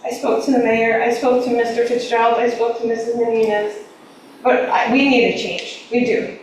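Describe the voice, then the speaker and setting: A woman's voice: on the high side, little pitch movement, normal speed, darkish tone. A woman giving public comment as a parent, emotional, earnest and emphatic. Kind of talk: public comment at a school board meeting. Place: large echoey meeting room. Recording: echoey room audio with faint noise, from a distance.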